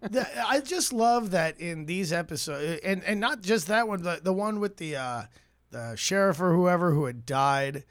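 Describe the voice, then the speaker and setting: A man's voice: high voice, expressive, normal speed, no echo, studio quality. A man co-hosting a podcast, trading crude jokes and laughing often. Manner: joking, laughs often, mock impressions. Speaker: podcast co-host. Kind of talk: crude comedic banter.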